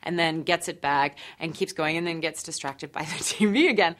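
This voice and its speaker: A young woman telling a personal story to the camera with a wry, deadpan manner. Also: low-pitched, normal speed. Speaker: interviewee.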